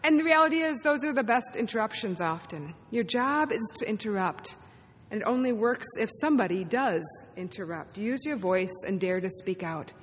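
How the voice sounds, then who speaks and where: A woman's voice: mid-range voice, lively intonation, moderate pace, slightly rough. A woman pastor preaching a sermon to her congregation, in an encouraging, playful manner. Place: church sanctuary. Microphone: amplified sanctuary mic. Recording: long hall reverb in a sanctuary.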